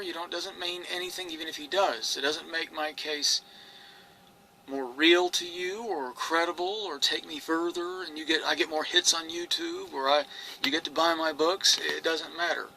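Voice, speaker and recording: A man's voice: a little high, normal speed, creaky, pushed and bright, poor audio. A man telling his own story in an earnest, rambling monologue, restarting phrases and quoting others. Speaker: experiencer recounting his story. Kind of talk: personal monologue to camera.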